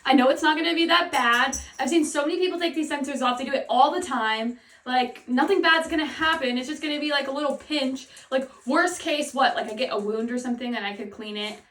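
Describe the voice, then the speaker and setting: Woman vlogger, anxious self-talk, rambling delivery, bright-ish pitch, roomy echo. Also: a little fast. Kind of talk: casual vlog talk. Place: at home. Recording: echoey room, voice from a distance.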